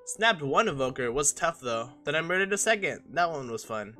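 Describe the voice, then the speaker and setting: A man's voice: on the high side, big pitch swings, moderate pace, pushed and bright, faint music behind. A young man giving a casual, joking and self-mocking voice-over on his own gameplay footage. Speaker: gaming channel host.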